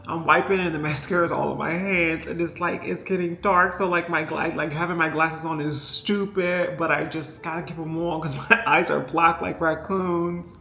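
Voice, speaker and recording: A woman's voice: low-pitched, fairly even intonation, moderate pace, hardly any pauses, sharp tone. A woman vlogger telling a story in a casual, rambling and emotional way, with many fillers and asides to her viewers. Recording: echoey room with faint music behind.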